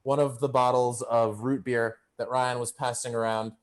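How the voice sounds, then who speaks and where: A man's voice: mid-range voice, flat delivery, normal speed. A man narrating as game master in a loose, rambling way with lots of fillers.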